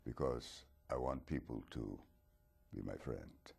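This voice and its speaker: A man voicing Dracula as a mild, wistful aging vampire talk-show host, speaking slowly and haltingly. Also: rumbling low, darkish tone, exaggerated voice. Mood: musing. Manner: slow, halting, gravelly and husky.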